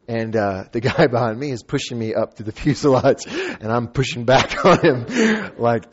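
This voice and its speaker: A man's voice: mid-range voice, a little fast. A man telling a funny personal story to an audience, acting out the people in it and laughing often. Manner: animated, laughing, acting out quotes. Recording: dull lo-fi recording.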